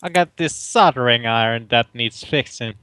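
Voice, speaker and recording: A man doing a gruff innkeeper with a thick Brooklyn accent, slinging short lines across the bar. The voice rings bright and forceful at a middle pitch. It is recorded close and dry, with no room sound. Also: normal speed, no echo, lightly acted.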